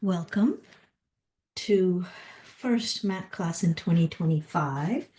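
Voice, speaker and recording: A woman guides a Pilates mat class in a calm, encouraging way, cueing each breath and movement. Her voice is lowish and mellow. It sounds roomy, picked up from a little way off. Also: takes it slowly. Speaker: Pilates instructor. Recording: roomy, from a distance.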